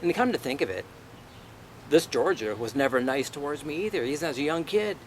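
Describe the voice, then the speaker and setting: A man's voice: fairly high pitch, lively intonation, a little fast, a little hiss or hum. A man vlogging an angry personal rant, indignant and swearing freely as he vents. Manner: profane, indignant, venting.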